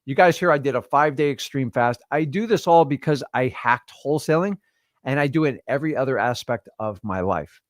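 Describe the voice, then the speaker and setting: A man's voice: medium pitch, animated, a little fast, dry recording. Man in his fifties, livestream host, preachy casual talk, dry close mic. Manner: preachy, addresses listeners as guys. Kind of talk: casual motivational chat.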